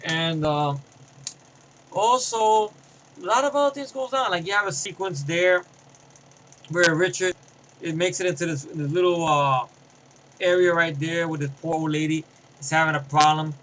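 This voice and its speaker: A man's voice: fairly high pitch, normal speed, pauses often, fairly bright tone, poor audio. A man giving a casual spoken movie review, rambling through scene recaps with fillers and restarts.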